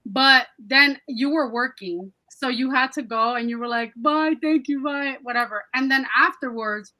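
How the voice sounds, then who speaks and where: A woman co-hosting a podcast, telling a story in an animated, casual way and swearing freely. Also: on the high side, moderate pace, poor audio. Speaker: podcast co-host. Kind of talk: casual chat.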